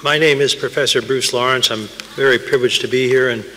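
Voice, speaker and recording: A man's voice: medium pitch, steady tone, brisk, pushed and bright, a little hiss or hum. A man chairing a symposium session, opening with polite, formal remarks. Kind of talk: formal introduction. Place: concert hall. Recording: long reverb in a concert hall.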